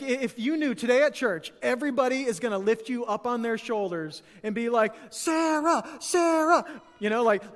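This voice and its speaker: High-voiced pastor preaching in a reverberant hall. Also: male voice. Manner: conversational preaching with frequent fillers and repetitions; dynamic, swings from loud excited bursts to quiet earnest lows. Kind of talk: sermon. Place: church sanctuary.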